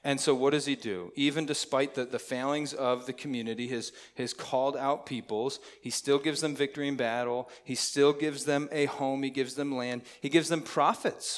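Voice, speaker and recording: Here the pastor's voice is on the high side. He gives his sermon in a talky, informal way and often quizzes the congregation.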